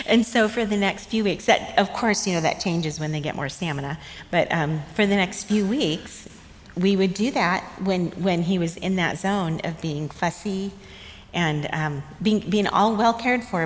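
A middle-aged woman telling motherhood memories in a tender, reflective way, often laughing softly. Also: fairly low pitch, normal speed. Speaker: guest sharing motherhood memories. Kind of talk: casual storytelling chat. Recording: long room reverb, faint ambience.

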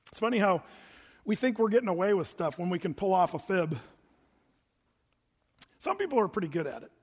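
Man, pastor, sermon, high voice, long reverb of a church sanctuary, chatty and emphatic. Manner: conversational, rhetorical questions, emphatic.

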